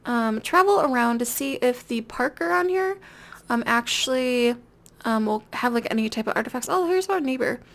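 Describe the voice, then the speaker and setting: A young woman talks through her life-sim game in a loose, casual way. Her voice sits high with a gravelly fry, and she giggles and rambles, dropping fillers as she goes. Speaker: gameplay video host. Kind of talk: casual let's-play commentary.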